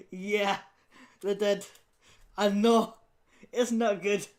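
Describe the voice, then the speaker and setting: Podcast co-host, woman, mid-range pitch, casual cursing film critic, often laughing. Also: steady tone, extremely slow, darkish tone. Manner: blunt, scathing, laughing often; swears casually. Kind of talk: casual film review chat.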